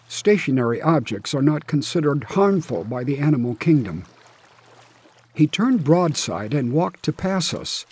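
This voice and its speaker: A man giving a scripted first-person narration in a measured, matter-of-fact way. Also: fairly high pitch, darkish tone, husky.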